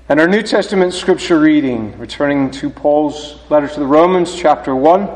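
A man preaching as a pastor, reading scripture and then giving a sermon in a slow, deliberate way with halting restarts. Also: mid-range voice, animated. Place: church sanctuary. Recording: roomy church reverb, voice from a distance.

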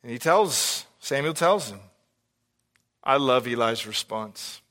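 A man preaching an expository sermon as pastor, earnest and animated, sometimes acting out the lines he quotes. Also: mid-range voice, slow pace.

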